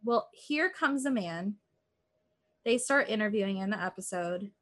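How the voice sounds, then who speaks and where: An expressive woman with a medium-pitched, fairly bright voice takes her time speaking. She's a podcast co-host casually retelling a true-crime story, rambling, saying "like" a lot, and performing the quotes.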